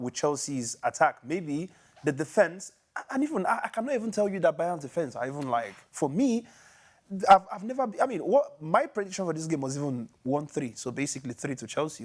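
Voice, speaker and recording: Animated man arguing about football. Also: a little high. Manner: animated, incredulous. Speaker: pundit. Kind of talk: excitable football debate.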